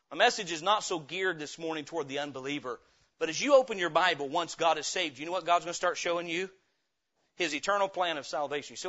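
A male pastor preaching with a high, bright, ringing voice that swells louder as his points build. The church recording is dull and lo-fi. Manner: impassioned preaching, swelling louder and higher at climaxes. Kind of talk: sermon.

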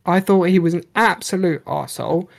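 An animated man talks through a film in casual chat, swearing and acting out what characters said. His voice sits a little high and has a gravelly, fry-laden edge. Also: fairly quick. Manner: animated, swears freely, acts out characters' lines. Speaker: podcast co-host reviewing a film.

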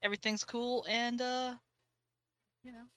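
A woman's voice: a little high, flat delivery, a little slow, a crowd in the background. A woman playing in a tabletop game, chatty and easygoing. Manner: chatty, laughs easily. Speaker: player. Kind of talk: casual tabletop play.

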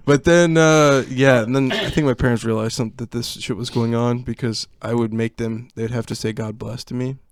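A man's voice: medium pitch, normal speed, few pauses, clean tone, dry recording. A young man co-hosting a podcast, telling a childhood story in casual chat, laughing often and acting out what people said. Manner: laughing, animated storyteller who acts out quotes. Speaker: podcast co-host.

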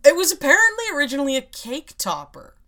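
A woman's voice: high voice, wildly swooping pitch, fast talker, pushed and bright. A woman hosting a casual podcast, explaining a topic in a wry, rambling way and laughing often. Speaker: podcast host.

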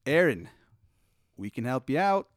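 A man voicing a scheming male genie who speaks slowly and wheedles, with a voice somewhat higher than his usual one and a dry sound. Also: sing-song, dry recording. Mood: wheedling. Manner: drawn-out, wheedling, uses a mocking pet name.

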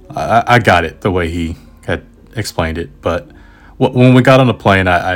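An American man, a travel writer, casually telling a travel story in a rambling, self-aware way with asides and restarts. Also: sits low. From United States.

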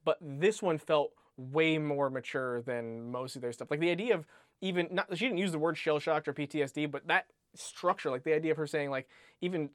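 A man in casual chat, talking through a book in a rambling, animated way, full of restarts and "like". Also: a little high, brisk, no room sound, clean studio sound. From United States. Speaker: podcast co-host discussing a book.

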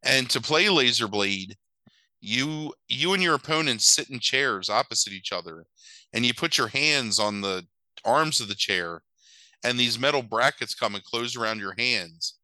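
A man's voice: medium pitch, animated, normal speed, sharp tone, no echo, low-quality recording. A man casually retelling a movie plot in a rambling way, full of fillers, acting out the characters' lines. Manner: rambling, filler-heavy retelling with exaggerated quoted voices. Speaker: podcast co-host recapping a movie. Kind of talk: casual chat.

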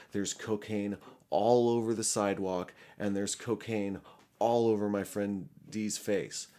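A man's voice: deep voice, a little mellow. A young man telling a story casually and animatedly, full of fillers, restarts and swearing. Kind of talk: casual anecdote.

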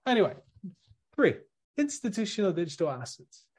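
A man's voice: high-pitched, very animated, moderate pace, a little mellow, breathy edge. A man hosting a casual podcast, reading bits aloud and rambling, often stumbling and repeating words. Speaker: podcast host.

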